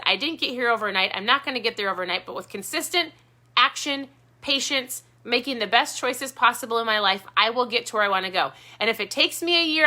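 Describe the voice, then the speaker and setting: A woman's voice: fairly high pitch, bright, forceful tone. A woman vlogger giving viewers an earnest, encouraging motivational talk, repeating her key points. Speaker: keto vlogger.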